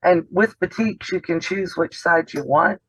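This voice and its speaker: A sewing channel's host demonstrates sewing casually over a video call, explaining things chattily and often drifting off mid-sentence. His voice sits high and is husky and a bit bright, delivered a little slowly. The recording is dull, dry video call audio.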